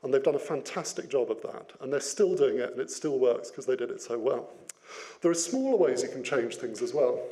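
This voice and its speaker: A man giving an interactive business talk, lively and playful, putting questions to his audience. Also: mid-range voice, brisk. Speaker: business speaker.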